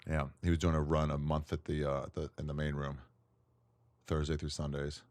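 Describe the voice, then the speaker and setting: A man, a comedian guest, telling stories in casual chat, lively and laughing often as he acts out what others said. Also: very deep voice, moderate pace. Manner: animated storyteller, acts out quotes, laughs often. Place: tent.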